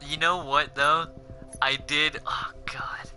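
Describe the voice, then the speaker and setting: A young man hosting a casual podcast chat, rambling and profane, with frequent animated bursts. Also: fairly high pitch, takes it slowly, faint music behind. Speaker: podcast host.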